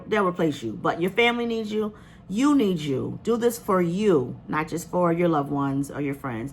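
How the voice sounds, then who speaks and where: A woman's voice: lowish voice, a bit bright. A woman vlogging casually to her viewers, earnest and emotional, rambling with many fillers and restarts. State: emotional, near tears. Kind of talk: casual vlog talk to viewers.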